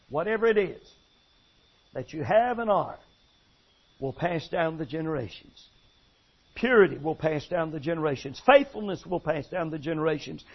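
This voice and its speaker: Husky high-voiced guy preaching, telling stories with big emphasis, muffled recording. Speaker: pastor. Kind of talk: sermon. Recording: dull lo-fi sound.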